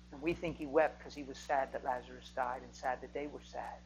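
A man preaching a sermon who rises to loud, emphatic bursts and then drops to near-whispers. His pitch sits in the middle range. A faint hum runs under the recording. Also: rough recording. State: emotional.

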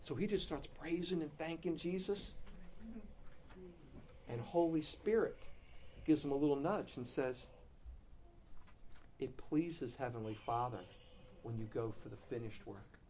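A middle-aged man preaching a sermon, telling a story with bursts of loud animation and soft, low-key emphasis on his main points. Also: measured pace, long pauses, a little hiss or hum.

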